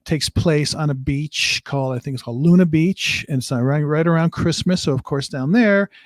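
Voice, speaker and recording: A man's voice: on the high side, normal speed, no room sound, clean studio sound. A man co-hosting a casual film review, retelling the plot in a rambling way with restarts.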